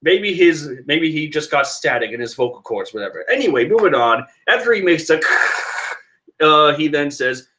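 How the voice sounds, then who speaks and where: A man's voice: fairly high pitch, big pitch swings, moderate pace, pushed and bright. A man casually reading through a comic chapter aloud, joking and sarcastic with frequent laughs. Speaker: manga reader commentator.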